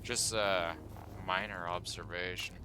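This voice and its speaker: A man's voice: sits low, steady tone, unhurried, noisy background. A young man giving casual, wry commentary while he plays a video game. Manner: laid-back, wry, talks to the enemies. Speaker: game streamer. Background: game music.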